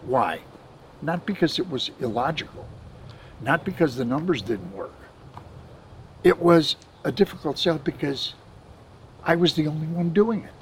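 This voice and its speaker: A man's voice: mid-range voice, a little hiss or hum, poor audio. An older man, a benefits administrator, telling stories from his career in a casual interview, quoting people and chuckling along the way. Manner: anecdotal, chuckles often, quotes others in dialogue.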